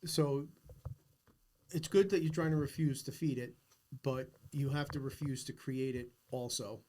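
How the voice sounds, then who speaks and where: A man's voice: mid-range voice, measured pace, darkish tone, a little hiss or hum. Insistent, earnest middle-aged man. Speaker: podcast host. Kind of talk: casual conversation.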